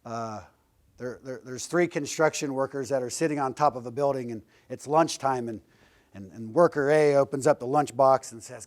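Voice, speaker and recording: A man's voice: mid-range voice, moderate pace, darkish tone. Joking man speaking to a class. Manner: joking, blunt, lightly profane storyteller. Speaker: guest speaker. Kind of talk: casual motivational class talk. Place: classroom lecture.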